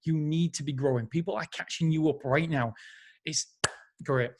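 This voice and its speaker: A man's voice: on the high side, normal speed, darkish tone. A man hosting a podcast who reviews a book in a casual, enthusiastic way, often rambling and correcting himself. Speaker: podcast host.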